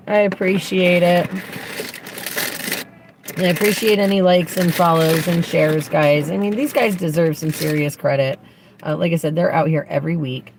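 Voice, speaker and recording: A woman with a low, creaky voice livestreams casually from a parked car, her chat upbeat and rambling. Passing traffic can be heard in the background.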